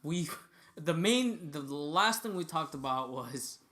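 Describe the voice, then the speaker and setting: A man's voice: a little high, expressive, slow, sharp tone. A man co-hosting a podcast in casual chat, playful and rambling. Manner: playful, rambling plugs with fillers. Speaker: podcast co-host.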